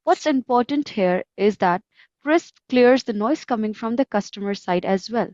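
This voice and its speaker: A woman from India with an Indian accent, a call center agent giving a measured explanation in a scripted demo. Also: a little high, expressive, a little mellow, no echo. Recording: slightly dull lo-fi call audio.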